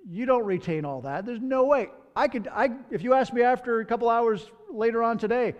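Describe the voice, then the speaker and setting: A man's voice: extremely high pitch, lively intonation, a little fast, few pauses, muffled recording. A man pastor preaching a sermon in a conversational way, with personal asides, in a church sanctuary. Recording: long hall reverb.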